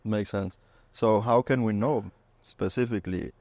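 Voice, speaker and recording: Lower-voiced podcast host, friendly banter. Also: male voice, measured pace, a little mellow, no echo. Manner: friendly, calls guest "bro", loose phrasing. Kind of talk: casual podcast chat.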